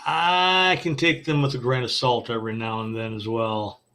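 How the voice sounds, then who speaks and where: A man co-hosting a casual podcast chat, speaking skeptically and haltingly. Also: medium pitch, steady tone, pushed and bright. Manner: skeptical, halting with fillers and restarts. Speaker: podcast co-host.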